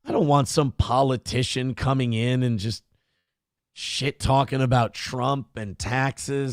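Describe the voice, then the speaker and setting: A man's voice: mid-range voice, a little slow, no echo, clean studio sound. A middle-aged man hosting a morning show, with crude, sarcastic and mocking commentary. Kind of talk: casual live-stream commentary.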